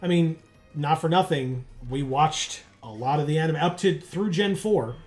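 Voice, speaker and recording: Male stream co-host, loose and rambly, music playing low in the back. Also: normal speed, a little mellow. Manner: rambling, many fillers and restarts. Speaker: co-host of a game livestream. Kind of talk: casual chat while playing.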